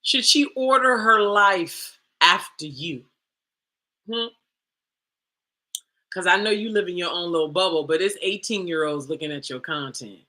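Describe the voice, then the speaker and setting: A woman's voice: fairly low pitch, unhurried, pauses often, bright, forceful tone. A woman hosting a livestream for women, talking bluntly and confrontationally with many rhetorical questions. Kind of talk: livestream talk.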